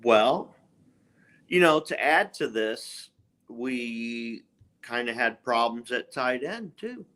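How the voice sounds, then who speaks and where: Male co-host, sports chat, slow emphatic delivery, bright tense tone. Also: medium pitch, lively intonation. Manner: slow, emphatic fan opinions. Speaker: podcast co-host. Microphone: live stream microphone.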